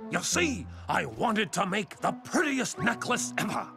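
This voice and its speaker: An actor voicing a cheerful, excitable male monster who loves necklaces in a children's cartoon. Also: high voice, a little slow, heavily acted. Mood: giggly storytelling. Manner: excitable, laughs a lot, gravelly. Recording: cartoon soundtrack with music.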